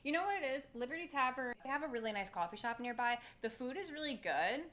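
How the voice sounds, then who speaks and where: A woman's voice: high voice, expressive, fast, fairly bright tone. A woman co-hosting a podcast in casual chat, talking in a chatty, self-assured way with plenty of fillers. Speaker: podcast co-host.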